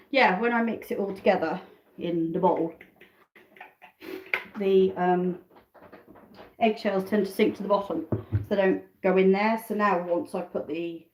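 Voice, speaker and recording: A woman's voice: fairly low pitch, darkish tone, reverberant, a little hiss or hum, poor audio. A British woman chatting casually on a live stream from her home kitchen, rambling between tasks and asides. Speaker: backyard chicken keeper hosting a live stream.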